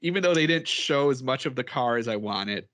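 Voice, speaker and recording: A man's voice: medium pitch, expressive, fairly quick, a bit bright. A man co-hosting a podcast in casual chat, rambling and chatty and laughing often as he talks. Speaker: podcast co-host.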